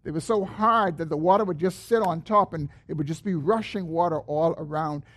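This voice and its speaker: A pastor delivers a sermon with earnestness and a slightly bright voice. He raises his pitch when reciting a prayer, and his phrases finish low and slow.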